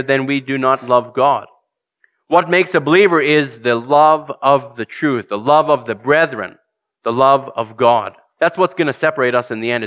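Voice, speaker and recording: A man's voice: mid-range voice, fairly bright tone. A man preaching a sermon, earnest and direct, putting questions to his congregation and reading scripture aloud.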